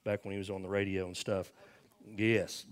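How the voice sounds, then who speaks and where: A man's voice: low-pitched, little pitch movement, normal speed, smooth. An older man, a pastor, closing his sermon with a folksy story, acting out the voices in it, then leading a prayer. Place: church sanctuary.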